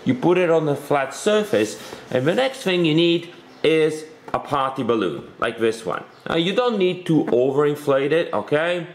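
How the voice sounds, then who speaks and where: A man's voice: on the high side, expressive, moderate pace. Patient male science teacher. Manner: patient, explanatory, often checks in with "okay?". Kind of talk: recorded online science lesson. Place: room at home with a bookshelf.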